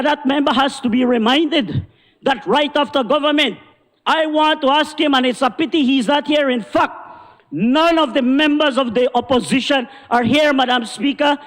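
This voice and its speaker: Belizean male minister, very high pitch, fiery indignant floor speech, reverberant chamber. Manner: forceful, indignant oratory, repeating "Madam Speaker". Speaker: government minister. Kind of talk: parliamentary speech. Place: parliament chamber.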